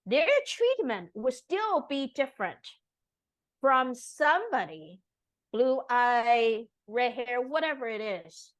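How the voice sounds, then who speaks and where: Slow, lively-voiced immigrant woman. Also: a little high, poor audio. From Taiwan. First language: Taiwanese Mandarin. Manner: earnest, emphatic, with many tag questions. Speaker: interview guest. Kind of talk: conversational interview.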